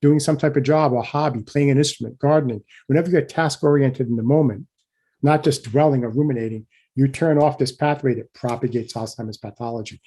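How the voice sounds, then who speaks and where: A middle-aged man giving a keynote lecture in a conversational way, often checking in with listeners and getting animated when he acts out examples. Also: medium pitch, brisk, husky. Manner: conversational, frequent restarts and "right?" asides.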